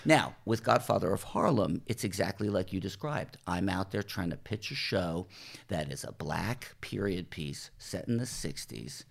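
A middle-aged man from New Jersey, a TV showrunner, telling animated stories in a podcast interview and acting out what people said. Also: low voice, normal speed, gravelly. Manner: animated anecdotes, acts out quoted voices, swears casually. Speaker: TV writer and showrunner, podcast guest. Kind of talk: casual storytelling interview.

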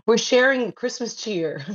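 A woman's voice: on the high side, expressive, slow pace. Giggly woman with a slightly dull line. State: recovering from a cold. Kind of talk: casual chat on a live audio space.

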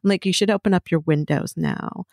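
Woman, middle-aged, casual chatty talk, lots of swearing, lower pitch, dry close sound. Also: brisk, gravelly, no room sound. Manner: chatty, swears freely, animated storytelling. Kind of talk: casual chat.

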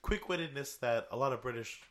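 A man chatting casually about a TV show, swearing and acting out lines in quick bursts. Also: medium pitch. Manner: animated, swears, acts out quotes in bursts. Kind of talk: casual chat reviewing a TV show.

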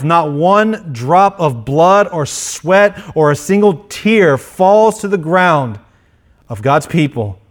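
Earnest man preaching a sermon. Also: a little high. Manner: earnest, repeats and restarts phrases, acts out quoted voices. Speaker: pastor.

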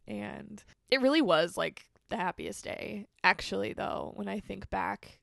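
A young woman recounts her own story as an interview guest, speaking in a heavily gravelly, fry-laden voice. Her pitch sits in an ordinary middle range, and the sound is close and dry with no room around it. She is candid and chatty, with lots of casual fillers. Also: big pitch swings, measured pace, hardly any pauses, fairly bright tone, dry recording. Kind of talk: personal testimony in a podcast interview.

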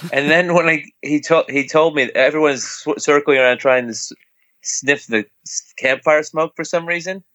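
A man's voice: a little high, moderate pace, fairly bright tone, dry recording. A middle-aged man, a father, telling a camping story casually and laughing often as he acts out what people said.

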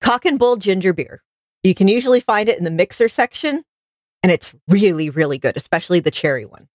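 A woman's voice: medium pitch, animated, fairly quick, a little mellow, no room sound, studio quality. A woman co-hosting a podcast, frank and enthusiastic in casual chat. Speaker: podcast co-host.

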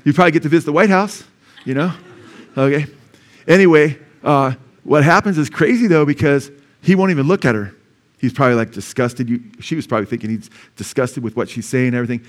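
A man's voice: fairly high pitch, fast talker. Conversational preaching pastor, man. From California. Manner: conversational preaching with frequent asides; exclaims praise loudly. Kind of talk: sermon.

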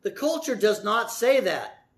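A middle-aged pastor preaching a sermon, telling the story dramatically and acting out voices, swinging from loud cries to near-whispers. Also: male voice, high-pitched, sing-song, measured pace, vocal fry.

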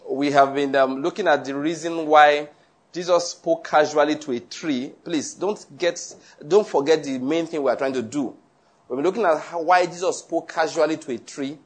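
An earnest male pastor delivering a sermon, with a voice that sits a little high for a man. He reads passages aloud and then explains them in a plain, conversational manner, breaking off now and then for personal asides.

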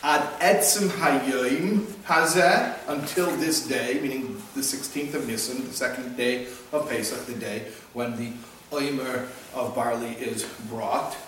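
A man's steady, unhurried mid-range voice runs on with few pauses, over a slight hiss or hum. He could be a rabbi, and his informal Torah class on Jewish practice starts with a joke before settling into conversational teaching. Distant miking in an echoey hall adds faint ambience.

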